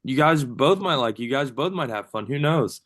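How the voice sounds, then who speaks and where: A man's voice: medium pitch, expressive, moderate pace, a bit bright. A man coaching gym members in a casual Q&A over a video call, talking loosely with lots of fillers and restarts. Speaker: strength coach.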